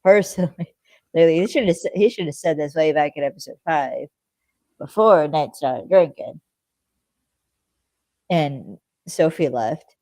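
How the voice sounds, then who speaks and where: Co-host for a fan podcast: mellow low-toned voice, dry close sound, loose rambling recap. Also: measured pace, pauses often, dry recording. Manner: rambling, lots of fillers, acts out characters' lines. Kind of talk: casual chat recapping a TV episode.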